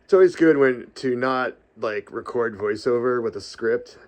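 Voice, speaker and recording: A middle-aged man talking casually about podcasting, rambling with fillers and restarts, laughing often and letting out a breathy sigh after long phrases. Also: medium pitch, moderate pace, a little hiss or hum. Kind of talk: casual vlog talk.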